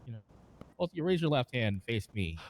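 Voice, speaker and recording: A man's voice: mid-range voice, big pitch swings, fairly quick, rough recording. A man acting as a judge in a roleplay, delivering an improvised formal oath with small stumbles.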